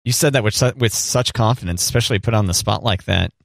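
A man's voice: on the low side, quick pace, vocal fry, dry recording. A man co-hosting a podcast, chatting casually with a dry, playful sense of humor. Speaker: podcast co-host. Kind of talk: casual chat.

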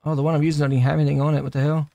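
A man's voice: on the high side, flat delivery, rapid-fire, creaky, mellow, dry recording, highs cut off. A man chatting loosely while streaming a shooter game, swearing and joking with his teammates. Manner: loose, profane, laughing banter. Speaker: gaming streamer. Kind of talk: casual gameplay chat.

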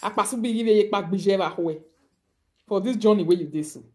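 A woman's voice: mid-range voice, a little fast, a little mellow. A woman with a Nigerian accent ranting on a live video, mocking and scolding her targets. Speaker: online commentator.

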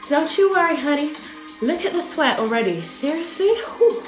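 Over music, a young woman instructor with a high voice and lively intonation talks briskly through a live workout, counting reps and cheering people on while winded from exercising. Upbeat and encouraging, she calls out counts and cues. The recording is very echoey, with the mic far off.

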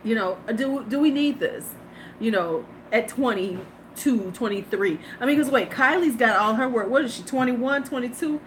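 A woman's voice: a little high, moderate pace, a little hiss or hum. A woman in her fifties, a beauty vlogger hosting a live stream, chatting casually, laughing and greeting her viewers. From United States.

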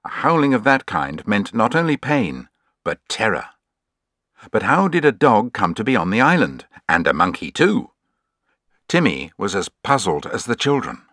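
A man reading scripted storybook narration in an expressive, measured way. His voice sits fairly low yet rises and falls a lot. The sound is dry and close. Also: no room sound.

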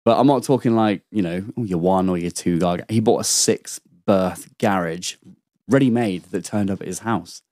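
Guest spot: young man, lowish dry voice, rambling sweary storyteller. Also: normal speed, darkish tone, no echo. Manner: rambling anecdotal storytelling, lots of swearing and restarts. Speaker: podcast guest. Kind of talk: casual chat.

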